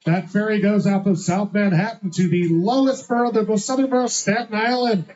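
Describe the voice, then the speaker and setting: A man's voice: sits high, steady tone, a little fast, darkish tone, slight background noise. A man hosting a live trivia night, reading out answers with a teasing, sarcastic manner. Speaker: trivia host. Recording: dull lo-fi sound.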